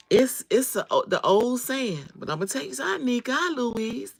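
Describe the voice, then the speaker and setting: Her fairly high, husky voice is lively in intonation and creaky, delivered at normal speed with hardly any pauses. She hosts a casual livestream, chatting straight to viewers, naming them as she greets them and repeating phrases for emphasis.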